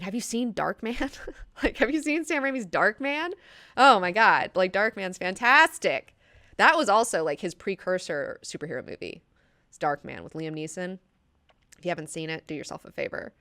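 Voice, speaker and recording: A young woman chatting excitedly about movies, swearing freely with lots of fillers and laughter. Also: fairly low pitch, clear, resonant tone, dry recording, clean studio sound. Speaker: movie news vlogger. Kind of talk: casual movie chat.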